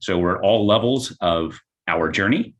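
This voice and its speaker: A man's voice: sits low, lively intonation, highs cut off. A man co-hosting a live Q&A stream, chatting casually and easily agreeing with the host. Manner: easygoing, agreeable, quick to laugh along.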